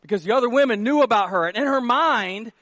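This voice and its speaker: A male pastor preaching with a notably high, bright-sounding voice, animated and playful, sometimes breaking into shouts. The sound is dry and close, with no room echo. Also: fast talker. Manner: animated, jokey, shouting at times. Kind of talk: sermon.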